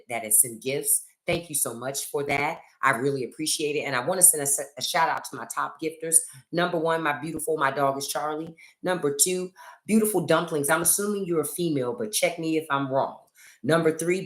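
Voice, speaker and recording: A woman's voice: rumbling low, pushed and bright. Chatty middle-aged woman, echoey room. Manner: chatty, joking, theatrical storytelling. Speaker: livestream host. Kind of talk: casual livestream chat.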